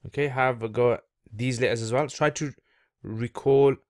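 A man's voice: medium pitch, fairly even intonation, moderate pace, a little mellow, no room sound, clean studio sound. A man teaching letter sounds in a patient, step-by-step lesson, repeating each sound for the listener to copy. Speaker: Arabic reading teacher. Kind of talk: slow step-by-step lesson narration.

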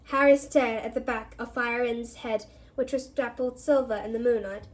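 A woman reading a novel aloud in a steady storytelling manner, with a few slips. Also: a little high, normal speed. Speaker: reader.

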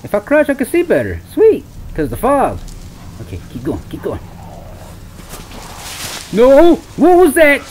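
A man's voice: high-pitched, huge pitch swings, fairly quick, a little mellow, slight background noise. A young man playing a horror game, exclaiming and talking to his viewers as he goes. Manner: jumpy, exclaiming, talks to viewers as Wolfpack. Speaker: gaming YouTuber. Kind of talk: let's-play commentary.

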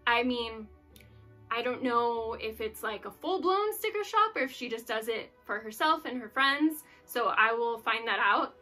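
A woman's voice: a little high, animated, a little slow, soft background music. A woman hosting her own channel, chatting casually while unboxing gifts, gushing with exclamations and sounding touched, close to tears. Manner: gushing and effusive, many exclamations; soft-spoken and touched, near tears. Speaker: YouTube channel host.

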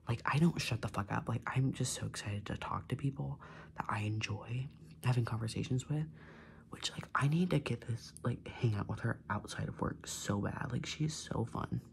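A man's voice: medium pitch, gravelly, slight background noise. A young man in his twenties whispering an ASMR vent while doing his makeup, chatty, swearing and full of "like". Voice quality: mostly unvoiced whisper. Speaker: ASMR creator.

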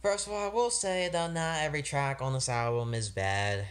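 A man's voice: a little high, normal speed, smooth. A young man reviewing an album in a rambling, casual vlog, full of slang and swearing and openly frustrated. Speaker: music reviewer.

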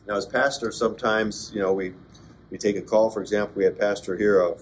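A man, a pastor, giving a conversational Bible class lecture, with joking asides and bursts of excited emphasis. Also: fairly low pitch, fairly quick, slight background noise. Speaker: pastor teaching an adult class. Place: church classroom.

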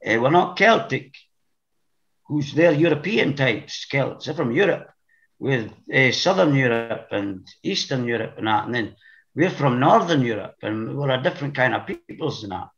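A man's voice: mid-range voice, animated, moderate pace, fairly bright tone. A man from the Orkney Islands with an Orkney Scottish accent, talking as a podcast guest in a rambling, blunt way, often repeating words as he thinks. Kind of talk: casual interview chat. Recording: dull lo-fi sound.

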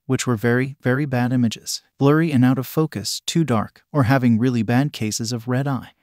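A man narrating a fan fiction story in an even, steady storytelling manner. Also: mid-range voice, no room sound, studio quality.

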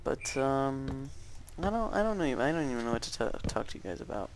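A man's voice: mid-range voice, big pitch swings, brisk, background noise. A young man rambling through casual gameplay commentary, hesitant, with many fillers and restarts. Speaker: gaming YouTuber.

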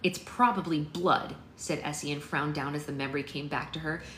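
A woman reading a novel aloud for her book club in a steady, unhurried storytelling way. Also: low-pitched. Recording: roomy sound with faint noise.

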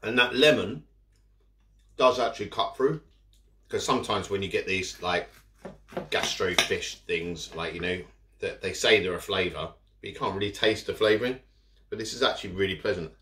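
Man, food vlogger, talks with mouth full, fairly low voice, roomy echo. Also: normal speed, sharp tone. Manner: rambling, chatty, eating and talking with mouth full. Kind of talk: casual eating vlog chat. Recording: echoey room. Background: cutlery and dishes.

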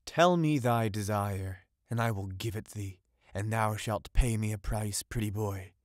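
A man voicing a sly, seductive female witch in an audiobook, in a slow, hushed, teasing voice that drops into whispers. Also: lowish voice, no echo, studio quality, natural voice. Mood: enticing.

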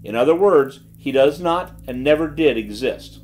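A man voicing a shrewd gentleman detective who speaks quietly and with calm assurance. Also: a little high, natural voice. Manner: quiet, measured, self-assured.

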